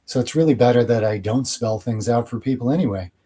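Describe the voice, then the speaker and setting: A man's voice: mid-range voice, fast talker, warm tone, slightly rough. A man hosting his channel, answering viewer questions in a casual, rambling monologue with blunt opinions.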